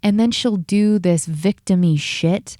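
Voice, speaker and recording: A woman hosting a podcast, venting in a heated, profane, rapid-fire rant, tired after a long work day. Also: mid-range voice, mellow, dry recording, studio quality. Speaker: podcast host.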